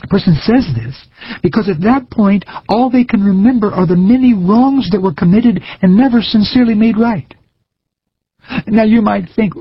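Husky-voiced preacher, earnest and measured. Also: male voice, high voice, animated, dry recording, dull audio. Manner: earnest, measured, folksy storytelling. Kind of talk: recorded sermon.

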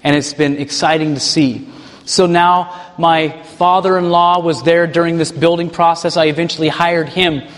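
A man who leads a ministry tells a personal testimony in an animated way and chuckles as he goes. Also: on the high side, moderate pace, in a large hall. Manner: animated, chuckles while telling stories. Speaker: ministry leader.

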